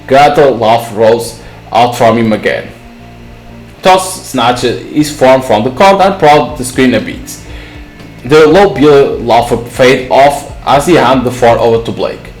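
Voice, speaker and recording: A man's voice: medium pitch, slow pace. Male gaming host, reading a visual novel aloud, self-correcting, echoey room, faint music.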